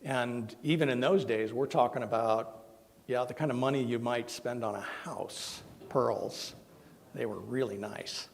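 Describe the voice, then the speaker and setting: A male minister telling an emotional personal story during a sermon, with soft, tender quoted voices. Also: medium pitch, a little slow, vocal fry. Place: church sanctuary. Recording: long hall reverb.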